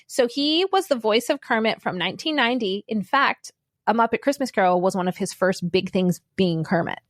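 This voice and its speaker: Lively, chatty woman podcast co-host. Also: medium pitch, fairly quick, no room sound, studio quality. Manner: chatty, laughs often, shares trivia. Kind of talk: casual chat.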